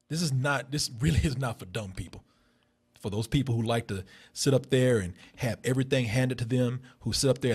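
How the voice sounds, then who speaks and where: A man co-hosting a film review show, talking in emphatic, profane, animated banter. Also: medium pitch, slightly rough. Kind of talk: casual movie review banter.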